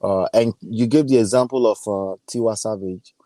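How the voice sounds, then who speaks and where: A Nigerian man hosting a casual chat, chatty and quick to laugh, slipping into his home language now and then. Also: fairly low pitch, dark tone, no room sound. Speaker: host.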